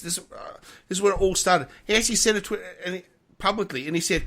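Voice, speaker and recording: A man's voice: a little high, moderate pace, a bit bright. A middle-aged man, co-hosting a casual podcast chat, swearing a lot and ranting heatedly. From Australia. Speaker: podcast co-host.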